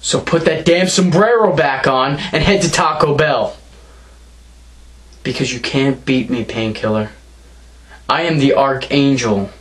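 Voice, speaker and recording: A young man cuts a wrestling promo in a mid-pitched voice. He taunts and mocks his rival throughout, trash-talking him directly. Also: unhurried, long pauses, fairly bright tone.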